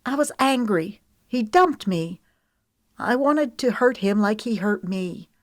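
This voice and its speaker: A woman voicing a proud, emotional young woman in an audiobook, high-strung and close to tears. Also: animated, takes it slowly, dry recording. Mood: hurt, angry. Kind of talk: audiobook character reading.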